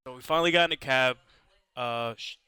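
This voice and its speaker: A young American man talks in a bright, clean, close voice. He rambles through stories, swears constantly and leans on "like". The sound is dry, with no room echo. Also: medium pitch, brisk, smooth. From United States. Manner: profane, rambling storytelling full of "like". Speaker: podcast co-host. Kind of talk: casual podcast chat.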